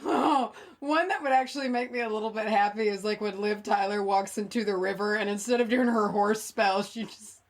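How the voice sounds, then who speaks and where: A woman's voice: medium pitch, brisk, few pauses, slight background noise. A woman co-hosting a podcast, reading a listener's eerie story aloud and then chatting and joking with her co-host. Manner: jokey, laughs often.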